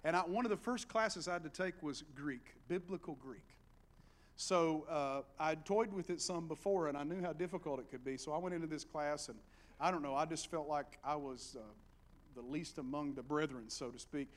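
A middle-aged man with an Appalachian accent, preaching a sermon and swinging between hushed storytelling and loud exhortation. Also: on the high side, normal speed.

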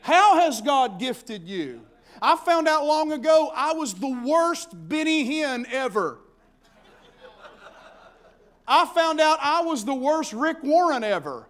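High-voiced folksy preacher. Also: male voice, a little slow. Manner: folksy, animated preaching with shouted peaks. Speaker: pastor. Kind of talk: sermon.

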